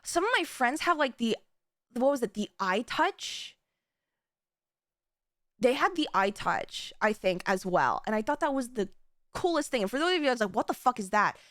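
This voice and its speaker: A young adult woman streamer telling stories in an animated, casual way, swearing often and restarting her sentences. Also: a little high, normal speed, long pauses, no echo, studio quality. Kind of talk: casual chat.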